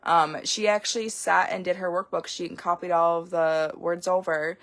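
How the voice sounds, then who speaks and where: A woman's voice: fairly low pitch, steady tone, normal speed, a bit bright. A young woman, a homeschooling parent, talking casually in a vlog and rambling frankly with lots of fillers.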